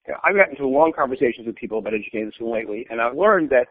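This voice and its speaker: A man's voice: medium pitch, animated, rapid-fire, husky, no echo. An older man, a blunt and opinionated storyteller, talking as a guest in an interview. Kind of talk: conversational interview. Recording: tinny phone line.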